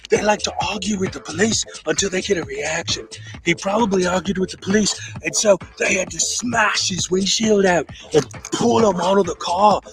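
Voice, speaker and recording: A man's voice: high-pitched, pitched above the performer's own voice, natural voice. A man doing a put-on Cockney nature-show host. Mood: excited. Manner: excited, breathless wonder. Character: bumbling male wildlife-documentary host, excitable. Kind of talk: parody nature-documentary narration.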